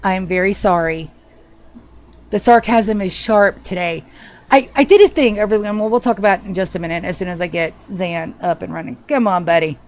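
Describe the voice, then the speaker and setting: A woman's voice: medium pitch, fast talker, a little mellow. A woman streaming a game live, chatting casually and swearing freely with a self-mocking, sarcastic manner. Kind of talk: casual live gameplay chat.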